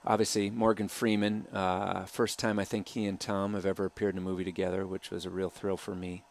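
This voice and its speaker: A man talking through footage of his own film as director, soft-spoken and hesitant, with many pauses and filler sounds. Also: low voice, flat delivery, creaky. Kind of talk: commentary over a film trailer.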